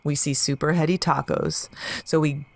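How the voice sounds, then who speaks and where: Young woman, animated storyteller, slightly low voice, casual podcast chat, salty language. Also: normal speed, gravelly, dry recording. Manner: animated, swearing, laughing while telling a story. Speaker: podcast co-host.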